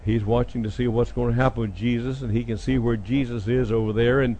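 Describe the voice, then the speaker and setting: A man's voice: mid-range voice, steady tone, a little fast, slight background noise. A middle-aged man preaching a sermon, retelling scripture dramatically and voicing the people in it. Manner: dramatic retelling, acting out speakers with sudden loud jumps.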